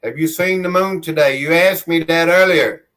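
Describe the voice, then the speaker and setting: Speaking at normal speed in a slightly high, a bit bright voice, this Southern country-accented host rambles amiably through viewer comments on a livestream from home. He holds his phone in his hand and refers to himself in the third person by his nickname.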